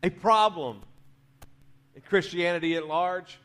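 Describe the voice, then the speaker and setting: A man preaching a sermon in a church, talking conversationally, dropping quiet at the ends of phrases and rising to urge the congregation on. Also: sits high, a little slow. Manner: conversational preaching, drops to quiet endings, rises to urge the crowd. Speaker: pastor. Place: church sanctuary.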